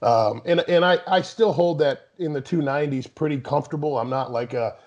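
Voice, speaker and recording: Slightly high and a little mellow, the man's voice moves a bit fast as he rambles through casual interview talk. He's a guest bodybuilder in his thirties who keeps restarting and saying "you know," and the sound is dull and lo-fi.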